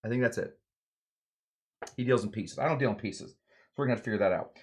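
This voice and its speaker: A man's voice: on the low side, fast, a little hiss or hum. A man hosting a live cocktail show, walking through a recipe with playful, rambling jokes and mumbled asides. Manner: playful, rambling, swings between loud emphasis and mumbled asides. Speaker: home bartender host. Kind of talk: jokey live cocktail demo.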